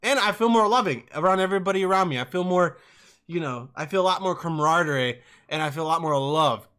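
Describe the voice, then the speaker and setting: Bright-voiced young man, rambling and profane. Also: fairly high pitch, fast talker, clear, resonant tone. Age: young adult. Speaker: podcast host. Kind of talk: casual comic storytelling.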